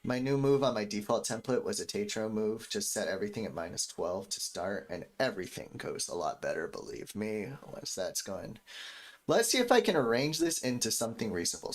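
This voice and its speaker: A music producer in his thirties chats and rambles casually to his stream viewers while making a beat. His voice is lowish and sing-song, his pace brisk, with faint beat music behind him.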